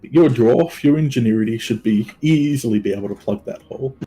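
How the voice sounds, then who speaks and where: A man's voice: medium pitch, a little fast, mellow. A man playing a tabletop game, making a cautious, dry suggestion to the party. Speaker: player.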